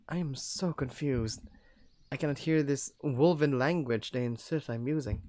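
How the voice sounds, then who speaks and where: A young man reading a first-person story aloud in an animated, jokey way, voicing the characters. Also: mid-range voice, moderate pace, no room sound. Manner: animated, jokey asides and laughs between lines. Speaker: story narrator.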